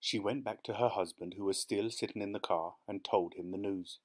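A man reading a short story aloud as the narrator, in a measured, steady way. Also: on the low side.

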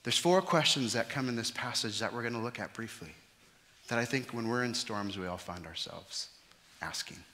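Animated pastor preaching in a reverberant church. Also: male voice, medium pitch, moderate pace. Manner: animated, acts out the disciples' panicked voices. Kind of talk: sermon. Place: church sanctuary. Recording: church hall with long reverb.

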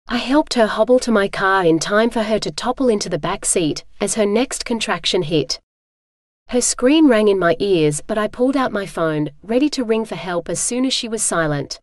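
A woman's voice: medium pitch, lively intonation, normal speed, no room sound. Dry, close audiobook narrator, woman. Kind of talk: scripted first-person narration.

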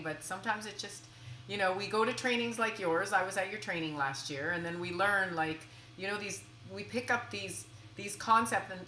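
A woman's voice: lowish voice, pushed and bright. A woman hosting an interview, affirming often and summarizing what her guest says. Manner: affirming, frequent agreement and summarizing. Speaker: podcast host. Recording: echoey room with faint noise.

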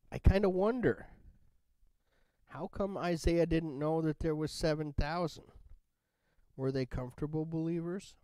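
A man's voice: on the high side, darkish tone, smooth, no room sound. A man teaching a Bible study in a casual, conversational way, often checking in with "right?". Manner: conversational, keeps asking "right?".

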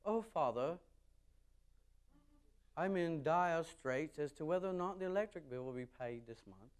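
A man's voice: fairly high pitch, lively intonation, unhurried, clear, resonant tone. A man voicing a child who frets over the bills, in a put-on British accent and an overly formal, dramatic manner. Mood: fretful.

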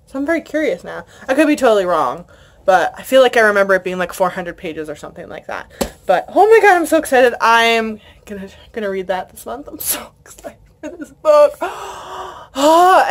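Young woman book vlogger, casual home chat, gushing, filler-heavy. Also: medium pitch. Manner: chatty, gushing, many fillers.

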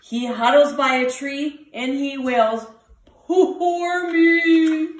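A woman teacher reading a picture book aloud to children, with lively voices for the animals. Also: sits high, slow pace, distant mic. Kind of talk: storybook read-aloud for children. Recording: roomy, from the mic.

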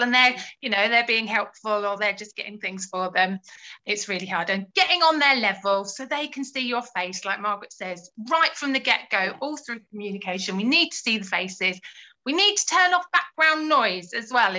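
Bright, high-voiced woman advising parents. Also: low-quality recording. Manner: encouraging, acts out phrases to children. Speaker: early years family support worker. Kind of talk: live Q&A advice for parents.

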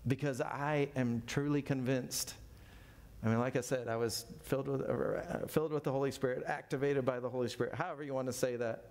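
Gravelly man in his fifties teaching Bible study. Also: mid-range voice, steady tone, fairly quick, a little mellow. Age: 50s. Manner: folksy, self-deprecating, with frequent asides.

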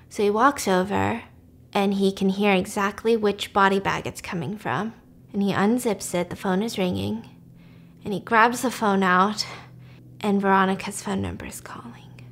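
A woman hosting a podcast, casually retelling a thriller plot with animated delivery that sometimes drops to a whisper for suspense. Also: mid-range voice, normal speed, gravelly, a little hiss or hum. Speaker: podcast host. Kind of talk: casual story recap.

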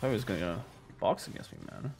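A man's voice: fairly low pitch, huge pitch swings, a little fast, gravelly, a little mellow, faint music behind. A young man giving live commentary on his own gameplay, playful and jokey, talking to his chat. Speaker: gamer streaming his gameplay.

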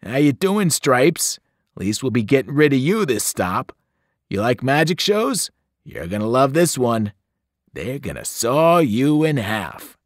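A man voicing a gruff male trucker who mocks caged animals in a loud, sneering drawl. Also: mid-range voice, big pitch swings, a little slow, no room sound, studio quality. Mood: taunting.

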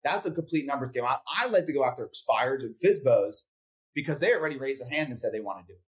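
A man's voice: mid-range voice, animated, fast. A man coaching real estate agents in casual podcast talk, blunt and profane, acting out phone calls as he goes.

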